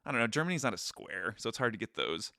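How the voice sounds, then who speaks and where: A man's voice: on the low side, sing-song, fast talker, pushed and bright, dry recording, studio quality. A man co-hosting a podcast in casual chat, joking and self-deprecating. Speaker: podcast co-host.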